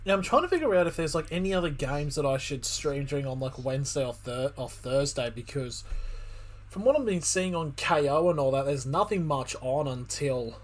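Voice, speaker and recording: A man's voice: a little high, lively intonation, moderate pace. A young man giving casual live commentary on a football match for a stream, tired and rambling with lots of fillers. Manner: rambling, with many fillers and restarts. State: tired, yawning.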